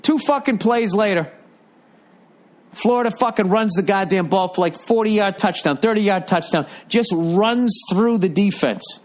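A man's voice: high-pitched, measured pace. An older man ranting in a rambling, profane, exasperated way, like a commentator. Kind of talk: profane comedic rant.

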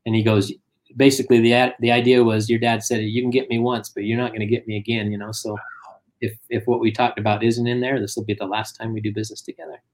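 A man's voice: medium pitch, fast. A middle-aged man telling family stories in casual conversation, acting out what people said. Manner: animated anecdotes, acts out quotes. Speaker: guest. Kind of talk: casual storytelling.

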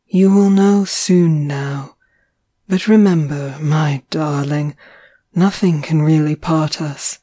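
Storybook lover, male, tender and unhurried, read by a woman narrator; mellow, dry delivery. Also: sits low, fairly even intonation, husky, dry recording, exaggerated voice. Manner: gentle, soothing, measured. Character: tender young man, devoted lover, calm.

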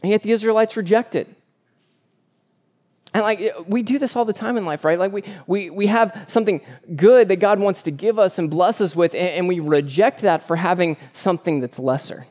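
A man's voice: high voice, normal speed, darkish tone. A man preaching a sermon as pastor, earnest and emphatic, with repeated phrases and joking asides about family life.

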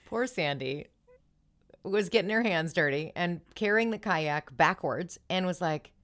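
A woman's voice: lowish voice, lively intonation, measured pace, a bit bright. A woman hosting a podcast, retelling reality TV scenes in casual chat and acting out the quoted lines. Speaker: podcast host.

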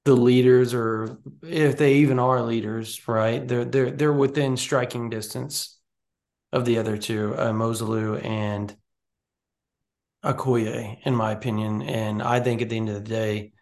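Man, gravelly voice, mid pitch, rambling sports podcast talk, animated. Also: unhurried. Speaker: recruiting podcast co-host. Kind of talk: casual sports chat.

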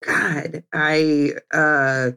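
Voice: medium pitch, steady tone, drawn-out words, vocal fry, pushed and bright, clear, resonant tone. A guest in a casual chat, hesitant and giggly while guessing films.

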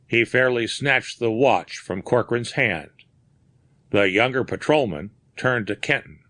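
A man narrating a mystery story in a measured, deliberate way. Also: medium pitch, lively intonation, pushed and bright, dry recording. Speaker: audiobook narrator. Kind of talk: scripted narration.

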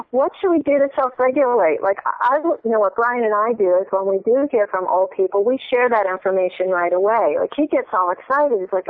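A woman hosting an interview, asking questions in an animated, casual way with frequent restarts. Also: mid-range voice, fairly quick, few pauses, no room sound. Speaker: host. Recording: tinny phone-like line.

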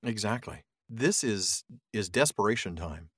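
A man with a fairly low voice reads a novel aloud in a measured, dramatic way before slipping into easy podcast chat. His sound is dry and close, with no room around it. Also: lively intonation, fairly bright tone, slightly rough, no room sound. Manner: dramatic, measured reading voice that drops low for narration. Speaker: podcast co-host reading aloud. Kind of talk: reading a novel aloud, then casual discussion.

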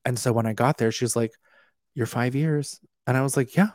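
A young man, a podcast guest, telling his story in a casual, animated way and acting out the voices he quotes. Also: medium pitch, brisk, no room sound, studio quality. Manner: animated, acts out quoted voices, laughs often.

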